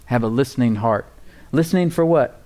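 A mellow, medium-pitched pastor preaches fairly quickly to his congregation in church, who respond as he goes. Emphatic but casual, he repeats key words, calls for amens, and fills his talk with fillers and folksy asides.

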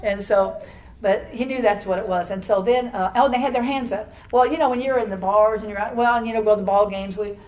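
An older woman giving a rambling, animated personal testimony to a church congregation, laughing often as she tells her story. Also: medium pitch, fast talker, poor audio.

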